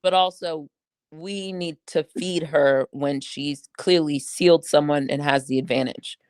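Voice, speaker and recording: Lowish-voiced woman, casual cussing sports talk. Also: measured pace, smooth, no room sound. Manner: profane, animated, acts out players' reactions. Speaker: sports podcast co-host. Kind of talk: casual basketball chat.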